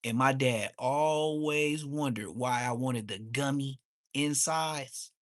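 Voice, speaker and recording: A man, ranting on a livestream. He is heated and mocking, and his voice suddenly jumps high. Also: slow, fairly bright tone, no echo, clean studio sound. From Inglewood, Los Angeles. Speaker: livestream host. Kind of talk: profane livestream rant.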